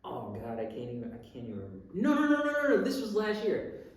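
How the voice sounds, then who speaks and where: A young man co-hosting a podcast, telling stories in an animated, profane, casual way. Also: fairly high pitch, fast talker. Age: young adult. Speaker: podcast co-host. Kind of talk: casual chat. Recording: roomy, distant mic.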